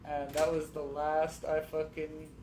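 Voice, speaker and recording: A slightly higher-voiced man talks as a radio guest, telling his stories bluntly and with plenty of cursing. The room sounds echoey, with a faint hiss behind him. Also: monotone, a little slow, darkish tone. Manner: profane, emphatic storytelling. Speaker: guest rapper. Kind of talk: casual radio chat.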